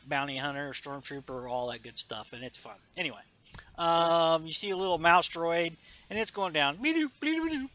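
Animated man chatting, bright voice. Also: mid-range voice. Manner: animated, with sound effects and filler words. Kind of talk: casual chat, reading a comic aloud.

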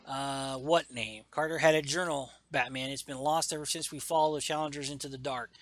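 A man's voice: medium pitch, fairly even intonation, fairly quick, a bit bright, dry recording. A man reading a comic aloud in casual chat, enthusiastically acting out the characters' lines with lots of fillers. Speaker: comic book podcast host.

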